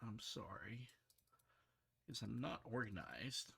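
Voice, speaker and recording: A middle-aged man, a software developer, talking casually and rambling, frustrated, with many restarts and fillers. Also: medium pitch, expressive, normal speed. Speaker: software developer streaming his work.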